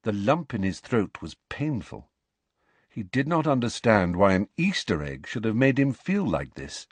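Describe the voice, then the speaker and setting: A man narrating a storybook in an expressive, measured way. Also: lowish voice, husky, no room sound. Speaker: audiobook narrator.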